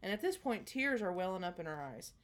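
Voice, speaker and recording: A woman co-hosting a casual chat, telling a family story in an animated way and acting out the dialogue. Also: lowish voice, quick pace. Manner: animated, acts out quoted dialogue. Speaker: podcast co-host.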